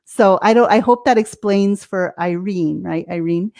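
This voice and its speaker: A woman's voice: mid-range voice, measured pace, creaky, dark tone. An American woman, a life coach as guest, explaining things casually, laughing often and acting out her own reactions. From United States.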